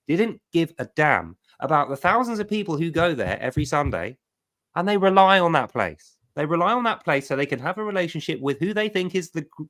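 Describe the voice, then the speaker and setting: A middle-aged man hosting a livestream, telling a personal testimony with emphatic, animated storytelling. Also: on the high side. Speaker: livestream host.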